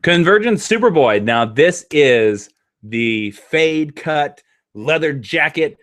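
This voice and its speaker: A man's voice: fairly high pitch, takes it slowly. A man hosting a casual live stream chat, talking with enthusiasm. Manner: enthusiastic, animated.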